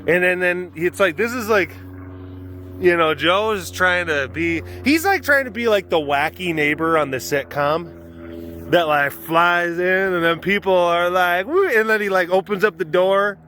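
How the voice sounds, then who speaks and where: Playful male vlog host, bright tone, rambling chatter and baby talk, light outdoor ambience. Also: high-pitched, unhurried, slight background noise. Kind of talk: casual vlog chat. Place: outdoor animal compound.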